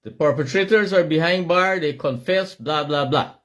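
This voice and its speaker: Speaking at a moderate pace in a slightly high voice, a middle-aged man with a Guyanese accent delivers a fiery, shouted monologue. He is from Guyana and leans heavily on emphatic repetition.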